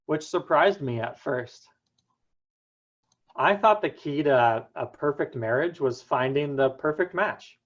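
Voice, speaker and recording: Slow, earnest young man telling a story. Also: mid-range voice, muffled recording. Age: young adult. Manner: earnest storytelling with dramatic pauses. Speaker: student speaker. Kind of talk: prepared personal talk.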